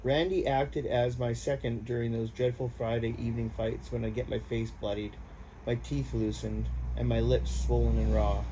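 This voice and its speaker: A man reading a war memoir aloud in a plain, unpolished way, with a mid-range voice. His tone is dark and mellow, and a faint hiss sits under the reading. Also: mid-range voice, little pitch movement, normal speed, poor audio. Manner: plain, unpolished, casual asides. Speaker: audiobook reader.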